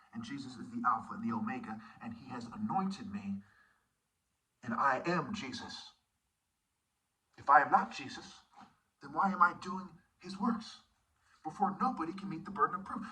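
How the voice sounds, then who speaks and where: A man's voice: on the high side, sharp tone, recorded from a distance, low-quality recording. A man preaching an intense sermon monologue, often dropping into whispered asides. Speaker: self-styled preacher.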